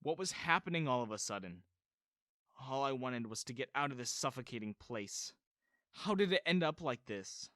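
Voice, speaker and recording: A man narrating an animated story in the first person, telling it expressively. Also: medium pitch, moderate pace, no echo, studio quality.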